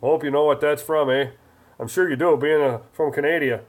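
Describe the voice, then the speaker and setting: A man's voice: on the high side, a little fast, close to an everyday voice. A man putting on a folksy, teasing mock Canadian guy who ends his lines with "eh".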